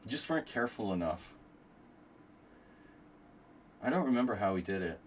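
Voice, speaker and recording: A man's voice: lowish voice, lively intonation, normal speed, a little hiss or hum, low-quality recording. Man muttering through chess lines. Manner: muttering through move calculations, wry asides. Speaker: chess streamer. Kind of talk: live chess commentary with chat.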